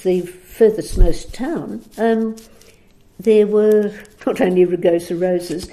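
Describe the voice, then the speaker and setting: A woman's voice: medium pitch, dark tone. A woman telling a long anecdote on a recorded program, chatty, with frequent laughs, ums and restarts. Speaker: guest storyteller.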